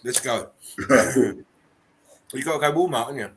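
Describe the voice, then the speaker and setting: A man's voice: mid-range voice, normal speed. A man hosting his channel, reading memes aloud and reacting with chuckles and casual swearing. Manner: chuckling, banter-heavy, swears freely. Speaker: channel host. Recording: steady background hiss.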